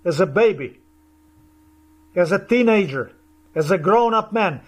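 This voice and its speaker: A man's voice: high-pitched, lively intonation, unhurried, long pauses. A man ranting profanely and accusingly in a monologue to camera. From Eastern Europe. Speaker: video commentator.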